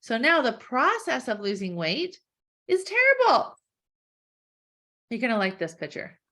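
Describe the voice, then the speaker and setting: A woman coaching in a webinar, talking conversationally with lots of "like" and "right?", acting out quick quoted thoughts with gasps. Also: fairly high pitch, huge pitch swings, pushed and bright. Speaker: weight-loss coach. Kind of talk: webinar teaching.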